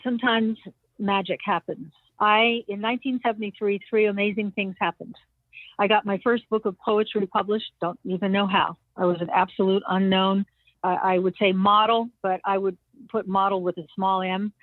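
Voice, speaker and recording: Older woman guest, animated storyteller, dry narrow phone-like sound. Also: mid-range voice, normal speed, no room sound. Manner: animated anecdotes, acting out others' lines with laughs. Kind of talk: storytelling interview.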